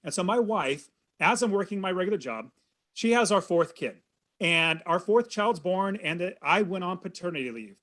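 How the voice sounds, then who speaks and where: A man in his thirties tells a personal story as a podcast guest, earnest and animated. His voice sits a little high for a man. He talks plainly and warmly to his host. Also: moderate pace. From California. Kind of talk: storytelling in an interview.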